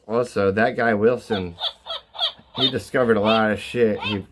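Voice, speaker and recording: A man's voice: lowish voice, fairly even intonation, a little slow. A man hosting an irreverent comedic walkthrough of a bird sound book, swearing freely and rambling between mock-serious asides. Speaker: host reading through a bird sound book. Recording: noisy recording with bird calls playing. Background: bird calls played from a sound book.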